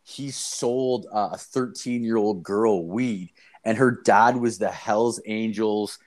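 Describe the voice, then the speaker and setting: A man's voice: on the low side, slow pace. Profane young man telling a wild story. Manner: rambling, profane, animated retelling with quoted voices. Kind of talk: casual storytelling chat.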